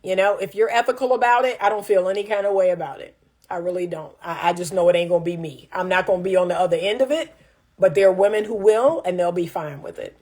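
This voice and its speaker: A woman's voice: lowish voice, fast, a little mellow. A woman relationship coach chatting casually and reading viewer comments. She is emphatic and repeats lines for punch.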